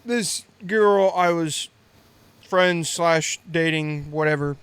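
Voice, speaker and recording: A man's voice: on the high side, takes it slowly, fairly bright tone, clear, resonant tone, no room sound. A man in his twenties with an American accent, co-hosting a podcast and telling rambling stories in casual chat, laughing often. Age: 20s. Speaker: podcast co-host.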